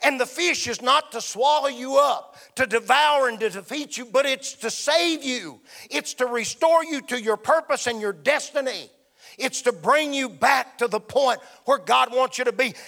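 A man's voice: extremely high pitch, creaky, sharp tone. A man preaching a sermon with emphatic delivery that swells and drops. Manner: emphatic, rising and falling delivery.

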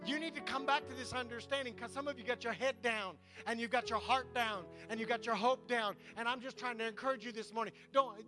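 A man's voice: extremely high pitch, steady tone, a little fast, hardly any pauses, music in the background. A pastor preaching a sermon to his congregation, emphatic and repeating his points.

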